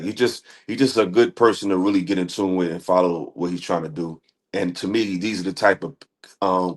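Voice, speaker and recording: A man hosting a live stream, talking casually to his audience in loose slang with many fillers. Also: deep voice. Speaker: livestream host.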